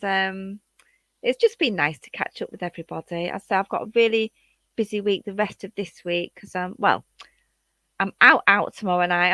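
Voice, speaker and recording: A woman's voice: medium pitch, dry recording. A woman hosting a late-night livestream, chatting casually and signing off to her viewers. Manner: chatty, warm sign-offs to viewers. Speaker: livestream host.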